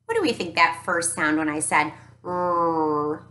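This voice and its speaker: A woman teacher giving a recorded phonics lesson to young children, upbeat and encouraging, sounding out each letter slowly. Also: deep voice, pushed and bright. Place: home teaching space with an easel. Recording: echoey room.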